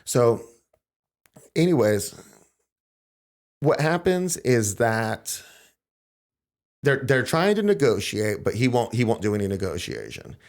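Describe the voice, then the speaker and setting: A man hosting a podcast, telling events in a casual, animated way and acting out quotes in a raised voice. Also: lowish voice. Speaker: podcast host. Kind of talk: casual conversational storytelling.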